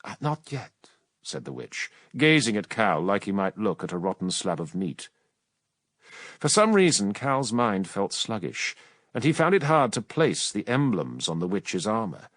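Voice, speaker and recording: Male audiobook narrator, dramatic, very animated pitch, dry close sound. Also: no echo. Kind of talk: scripted narration.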